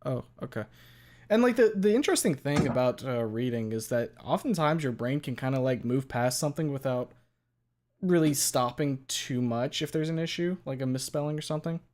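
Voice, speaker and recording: A man hosting a casual chat, joking and swearing freely in an animated way. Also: mid-range voice, brisk. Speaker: host.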